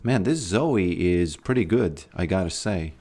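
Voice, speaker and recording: A man's voice: deep voice, animated, unhurried, darkish tone. A man streaming a game and chatting casually with his viewers, laid-back and often trailing off mid-sentence. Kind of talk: casual livestream chat while gaming.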